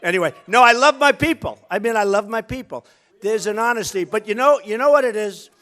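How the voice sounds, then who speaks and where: A man's voice: sits high, lively intonation, brisk, fairly bright tone. A man running for office, giving a rambling, boastful, repetitive campaign speech from a rally stage. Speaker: political candidate.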